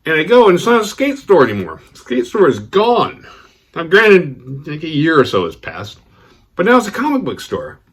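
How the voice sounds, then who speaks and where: A man hosting a horror movie channel, telling a rambling, profane story casually and getting animated when he quotes others. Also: fairly high pitch, moderate pace, husky. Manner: rambling, profane, restarts mid-sentence. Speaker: horror movie review host.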